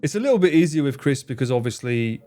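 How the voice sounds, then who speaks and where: A man's voice: big pitch swings, quick pace, dark tone. Young man, live streamer, casual chat, swears a lot, mimics friends, faint music behind. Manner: swears freely, acts out friends' lines in higher voices. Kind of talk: casual chat answering viewers.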